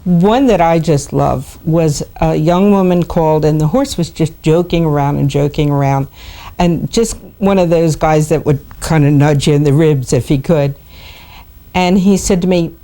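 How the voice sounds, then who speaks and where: A woman animal communicator calmly recounting her sessions in a documentary interview. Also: sits low.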